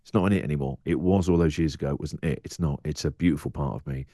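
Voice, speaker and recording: A man's voice: very deep voice, fast, dark tone, dry recording, studio quality. A middle-aged English radio presenter speaking candidly as a podcast guest, acting out his inner voice in quoted asides.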